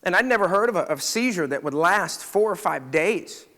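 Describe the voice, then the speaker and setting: Bright-voiced man telling a story in a hall. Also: high-pitched, expressive, moderate pace. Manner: casual, conversational, checks in with the audience. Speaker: chiropractor speaker. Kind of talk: storytelling talk to a live audience. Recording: reverberant hall.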